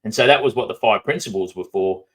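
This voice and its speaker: A man's voice: on the low side, quick pace, slightly rough. An Australian man, a podcast guest, talking casually with a mouth-half-shut drawl and lots of ums. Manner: says um a lot, talks with a drawl and barely opens his mouth. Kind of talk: casual conversation.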